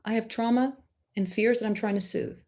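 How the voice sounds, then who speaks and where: At a normal pace and in a slightly high voice, a woman coaches artists during a live-stream Q&A. She is emphatic, direct and encouraging, and warm toward whoever asked the question.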